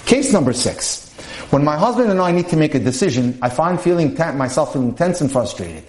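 A man's voice: a little high, big pitch swings, darkish tone. Man reading case studies, echoey room. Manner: measured reading with asides to listeners. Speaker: podcast speaker on dating and marriage.

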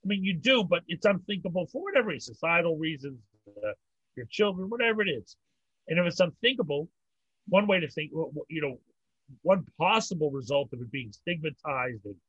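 Older male rabbi guest, husky voice, rambling joke-teller, dull dry line. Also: a little high, fairly bright tone, no echo. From North America. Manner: rambling, repeats words, tells old jokes with laughs. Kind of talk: storytelling conversation.

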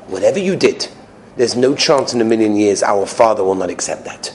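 A man teaching a Torah class, sprinkling in Hebrew and Yiddish terms and swinging between loud exclamations and hushed asides. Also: medium pitch, normal speed. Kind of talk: Torah lecture.

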